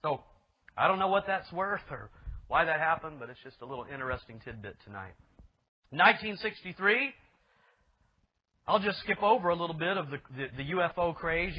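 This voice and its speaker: A man's voice: a little high, animated, brisk. A male pastor preaching a sermon with emphatic delivery, asking rhetorical questions of his listeners. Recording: dull lo-fi recording.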